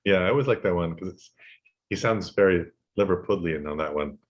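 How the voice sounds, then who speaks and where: Deep-voiced man, dull lo-fi audio. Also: brisk. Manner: easygoing, trails off with fillers. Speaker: podcast co-host, musician. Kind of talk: casual chat about music.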